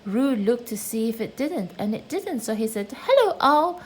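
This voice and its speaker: Gentle woman reading a storybook. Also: on the high side, animated, moderate pace, low-quality recording. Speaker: reader.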